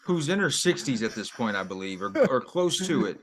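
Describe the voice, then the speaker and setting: A man co-hosts a casual podcast, and his voice sits in an ordinary middle pitch. He recaps plot points plainly and drops wry, crude one-liners. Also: very animated, brisk. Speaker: podcast co-host.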